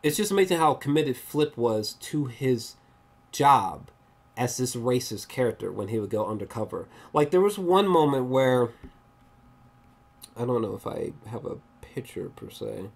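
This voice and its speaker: Movie reviewer for a casual vlog. Animated and rambly, swears freely, pitch swings widely. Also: measured pace, creaky. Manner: animated and excitable, swears often; rambling, with frequent restarts and fillers.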